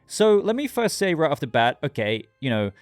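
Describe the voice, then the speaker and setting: A man's voice: fairly high pitch, very animated, moderate pace, no room sound, faint music behind. A man hosting his own channel, giving a casual, rambling episode review and talking straight to his viewers. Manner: rambling, chatty, addresses viewers directly.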